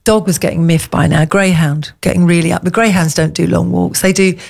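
A middle-aged woman from England spins a gushing, chatty story in easy conversation. Her voice sits fairly low for a woman. She talks like a radio co-host chatting with a friend on air. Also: steady tone, fairly quick, gravelly, a little mellow. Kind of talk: casual chat.

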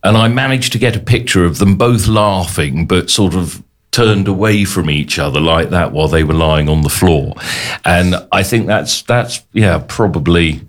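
A man in his forties chatting casually, hesitant, with many ums and pauses. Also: low-pitched. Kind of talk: casual chat.

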